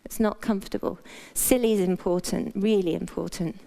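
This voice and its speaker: A woman's voice: mid-range voice, fairly even intonation, normal speed, vocal fry, warm tone. A middle-aged British woman, a doctor, giving a frank, playful motivational talk in a conversational way. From Britain. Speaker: doctor and speaker.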